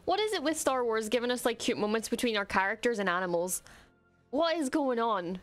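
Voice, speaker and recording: A young woman streamer reacting to an episode, talking quietly and gushing with excitement, with plenty of swearing. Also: on the high side, brisk, soft background music. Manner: hushed, gushing and swearing freely.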